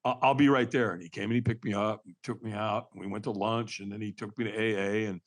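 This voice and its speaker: Animated older man telling his story. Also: on the low side, fast. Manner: animated, acts out remembered dialogue; raw, candid and earnest. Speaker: podcast guest. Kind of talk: personal storytelling in a conversation.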